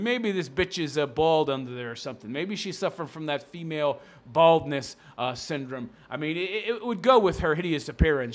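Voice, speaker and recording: A man's voice: fairly high pitch, a bit bright. A man giving a profane, sarcastic rant as a commentary vlogger, mocking the person he is reacting to.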